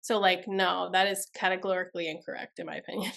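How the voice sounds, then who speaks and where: A woman's voice: fairly low pitch, steady tone, quick pace, gravelly, a bit bright. Blunt, emphatic woman therapist. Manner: emphatic, blunt, talks through examples. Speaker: trauma therapist guest. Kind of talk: podcast interview.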